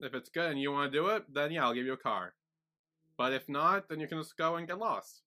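A man's voice: a little high, lively intonation, brisk, pushed and bright. A man co-hosting a podcast recap in casual chat, retelling scenes and quoting characters. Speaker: podcast co-host.

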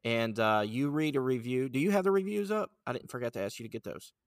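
A male podcast host in easygoing chat, relaxed and quick to laugh. His voice sits at an ordinary male pitch. The sound is dry and close-miked. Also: no room sound.

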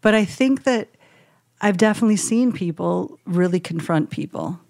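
A woman who works as a hospice chaplain, talking gently and thoughtfully as co-host of a casual podcast. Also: lowish voice, expressive, normal speed, creaky, no room sound, studio quality. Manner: gentle, reflective, acts out quoted phrases softly.

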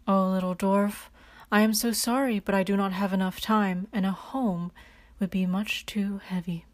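A woman voicing a bear in a storybook, apologetic and gentle. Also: mid-range voice, fairly even intonation, moderate pace, no room sound, close to an everyday voice. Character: busy bear in a hurry, apologetic.

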